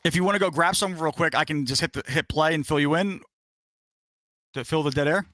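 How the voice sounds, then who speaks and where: A man co-hosting a casual show-review stream, energetic, joking and profane. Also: on the high side, fairly quick, no echo. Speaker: podcast co-host.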